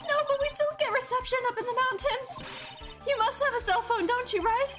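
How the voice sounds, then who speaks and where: Woman doing a shrill bossy impatient lady. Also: brisk, music in the background. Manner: shrill, demanding.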